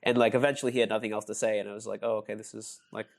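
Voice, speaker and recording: A man's voice: fairly low pitch, level tone, rapid-fire, creaky. A young man guest on a casual podcast, telling stories in a rambling, hesitant way and laughing often.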